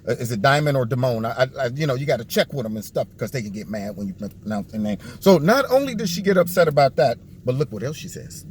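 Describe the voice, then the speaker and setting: A man's voice: big pitch swings, fast, hardly any pauses, slight background noise. A man giving sarcastic political commentary on a video, mocking the people he talks about. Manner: mocking, acts out what others think in a low put-on voice.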